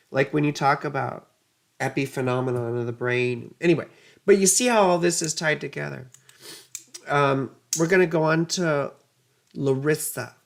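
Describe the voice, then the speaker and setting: A woman's voice: low-pitched, gravelly. Rambling woman astrologer. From United States. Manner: rambling, digressive, chatty, self-mocking. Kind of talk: casual livestream astrology reading.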